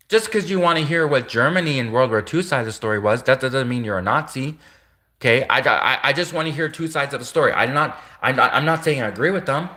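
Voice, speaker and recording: A man's voice: fairly high pitch, sharp tone. A man talking straight through a rambling casual monologue, often restarting and repeating his sentences.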